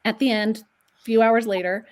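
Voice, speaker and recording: A woman guest on a podcast, telling stories in an animated way. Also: a little high, normal speed. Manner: animated storyteller. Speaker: guest numerologist. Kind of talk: podcast conversation.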